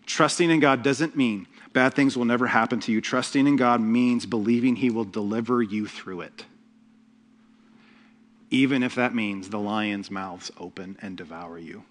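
A man preaching a sermon as pastor, telling the story with humor and lively asides. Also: fairly low pitch, normal speed.

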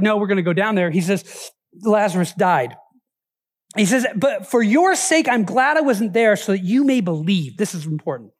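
A male pastor preaching a sermon in an animated way, acting out the voices of the people in his story with big swings in pitch.

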